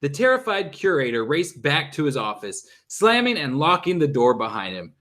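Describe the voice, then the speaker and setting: A young man casually reading a children's chapter book aloud as a host. His voice is a bit high for a man and swings widely in pitch, and he stumbles over a word now and then. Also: normal speed, hardly any pauses. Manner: lively, stumbles and laughs at own slips. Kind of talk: casual read-aloud narration.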